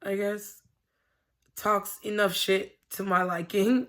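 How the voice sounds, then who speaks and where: A woman's voice: mid-range voice, fairly even intonation, normal speed, pushed and bright. A woman vlogging to camera from home, talking in a candid, rambling way and swearing freely. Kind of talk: casual confessional chat to camera.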